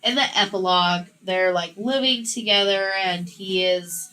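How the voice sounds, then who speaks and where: A woman co-hosting a podcast, chatting casually and retelling a book's plot with lively quotes. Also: medium pitch, measured pace, poor audio. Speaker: podcast co-host. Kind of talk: casual book chat.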